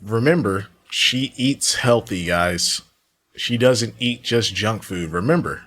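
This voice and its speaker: A man's voice: lowish voice, slow pace, fairly bright tone. A man hosting a reaction commentary show, talking in a casual, slangy way that turns exasperated and mocking. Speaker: commentary channel host.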